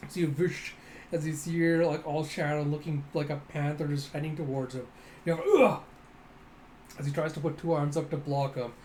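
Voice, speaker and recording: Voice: medium pitch, little pitch movement, brisk, a little mellow, a little hiss or hum. A host reading a manga aloud in a casual way, laughing often and making sound effects along the way. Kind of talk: casual comic readthrough.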